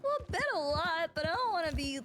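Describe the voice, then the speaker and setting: A woman streamer playing a deputy in a roleplay game, telling stories in an animated, laughing way with a Southern drawl. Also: extremely high pitch, brisk, a loud crowd. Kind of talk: casual in-character storytelling.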